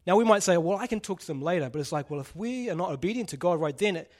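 A man's voice: high voice, expressive, quick pace, darkish tone. A man preaching a casual sermon, joking and putting questions to the congregation. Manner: chatty, jokey, asks the audience questions.

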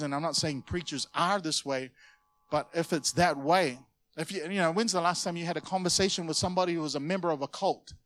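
A pastor gives a sermon in church, talking to his congregation like he's chatting with them, then suddenly punching a phrase out loud. His voice sits a little higher than most men's. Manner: conversational preaching, sudden loud emphases.

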